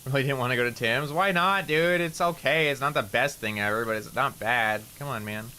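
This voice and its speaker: A man's voice: mid-range voice, brisk, pushed and bright, slight background noise. A man with a mild rural Canadian accent, chatting casually and rambling as he streams a game, peppering his talk with "like" and casual swearing. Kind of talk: casual chat while gaming.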